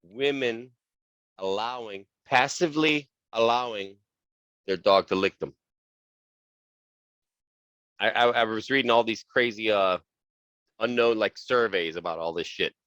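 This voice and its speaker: A man's voice: on the low side, measured pace, long pauses, fairly bright tone, dry recording, dull audio. Blunt, swearing man on a podcast. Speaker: podcast co-host. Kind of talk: crude comedic podcast banter.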